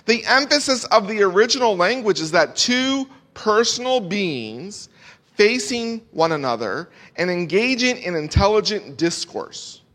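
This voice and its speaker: Bright-voiced pastor preaching in a reverberant hall. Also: male voice, high-pitched. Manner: emphatic preaching with repeated phrases and swings in loudness. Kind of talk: sermon. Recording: long reverb of a large hall.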